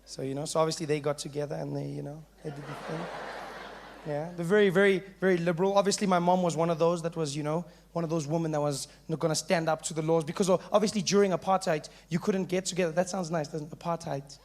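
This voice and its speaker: A man's voice: on the high side, quick pace, a little hiss or hum. A South African man doing stand-up, telling stories with punchy asides. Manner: animated storytelling with punchy asides. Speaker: stand-up comedian. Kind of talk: stand-up comedy.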